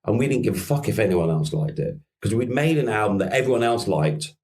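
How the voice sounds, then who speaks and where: A man's voice: on the low side, animated, brisk, a little mellow. Laid-back Scouse man telling band stories. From Merseyside, England. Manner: rambling anecdotes, frequent laughs, swears casually. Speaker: musician guest. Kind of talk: podcast interview.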